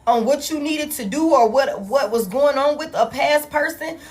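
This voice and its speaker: A woman's voice: sits high, moderate pace. A woman doing a tarot reading for her viewers in casual, blunt, profane talk, calling them y'all. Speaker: tarot reader. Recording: soft music in the background.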